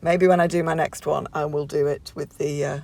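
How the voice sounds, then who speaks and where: Gravelly woman chatting through a tutorial. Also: low voice, fairly even intonation, fairly quick, darkish tone. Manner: chatty, rambling, many fillers and restarts. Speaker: nail tutorial creator. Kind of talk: casual voiceover tutorial.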